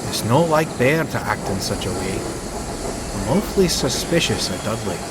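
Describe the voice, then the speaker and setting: A man voicing a steady, kind male engine with a Scottish accent and a wry manner. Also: fairly low pitch, moderate pace, heavy background noise, lightly acted.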